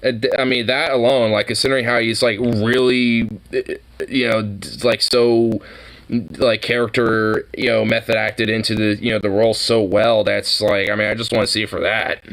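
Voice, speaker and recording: A man's voice: fairly low pitch, flat delivery, normal speed, creaky, a bit bright, poor audio. A man chatting casually while reacting to a trailer, rambling with frequent fillers and giggles.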